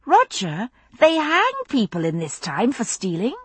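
Woman reader doing wry young heroine, lively and husky. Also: on the high side, a little slow, no echo, pitched above the performer's own voice, heavily acted. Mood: worried. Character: young woman, quick, sardonic, worried lover.

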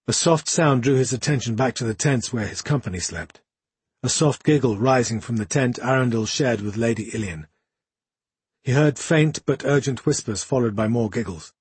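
A male audiobook narrator reads fantasy prose in a steady, measured way, at a middle pitch for a man. His voice is husky and breathy. The sound is close and dry, with no echo at all. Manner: measured, even storytelling.

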